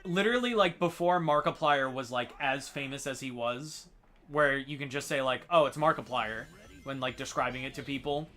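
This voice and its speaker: A man's voice: mid-range voice, moderate pace, bright, forceful tone. A young man co-hosting a casual gaming chat, jokey, swearing and laughing often. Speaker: co-host.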